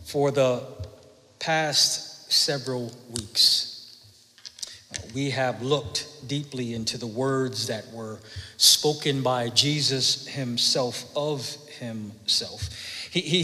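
A man preaching a sermon as a pastor, reading scripture and then explaining it in a halting way that often repeats words. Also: a little high, bright, forceful tone, big-room sound.

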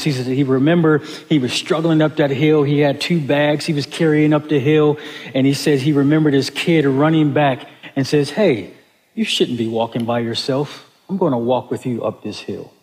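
A man preaching a sermon as pastor, talking in a loose conversational way with frequent restarts and repeated words. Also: medium pitch. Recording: long reverb of a large hall.

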